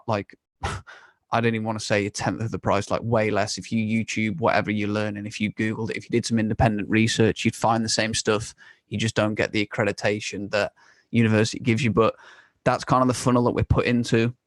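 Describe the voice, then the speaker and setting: A young British man hosts a podcast, speaking in a lowish voice with no echo. His monologue is candid and conversational, with occasional swearing and laughter.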